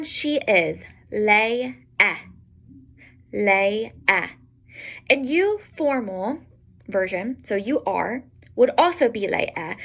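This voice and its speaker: A young woman teaching an Italian lesson, explaining patiently and repeating each example word clearly. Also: a little high, fairly bright tone. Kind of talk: online language lesson.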